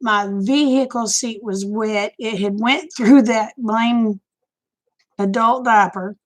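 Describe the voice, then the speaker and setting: Slow-talking folksy grandmother. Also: a little high. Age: older. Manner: folksy, candid, chatty. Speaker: live-stream host. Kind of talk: casual chat storytelling.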